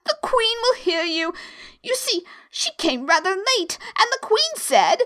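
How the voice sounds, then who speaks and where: A woman voicing a timid, anxious male rabbit who speaks in a hushed, hurried way in a storybook reading. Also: very high voice, sing-song, pitched above the performer's own voice. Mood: nervous.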